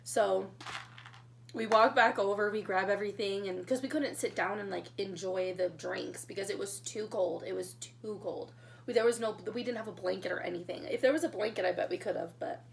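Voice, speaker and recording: A young woman telling her engagement story in a casual storytime vlog, chatty and excitable, getting emotional as she talks. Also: mid-range voice, brisk, creaky, slight background noise. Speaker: vlogger.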